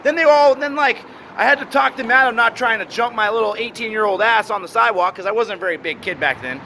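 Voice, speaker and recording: A man in his forties delivers a rambling, profane rant straight to camera, blunt and unfiltered. His voice sits high and has a bright, sharp edge. He is outdoors, with faint traffic noise behind him. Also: fast.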